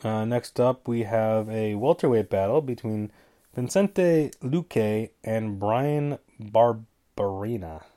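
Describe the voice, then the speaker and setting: A man's voice: lowish voice, takes it slowly, mellow. A man with a stuffy nose hosting a casual solo show, rambling through picks with jokey asides and stumbling over names. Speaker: podcast host giving fight picks.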